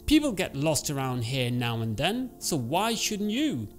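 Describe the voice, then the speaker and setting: A man voicing a rude, gruff old man who guides a lost traveller, speaking in curt, growling replies. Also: medium pitch, expressive, unhurried, soft background music. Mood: surly.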